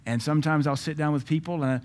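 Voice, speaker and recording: A middle-aged man, a pastor preaching a sermon in a lively way, acting out quoted voices and adding joking asides. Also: a little high, quick pace. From Southern US.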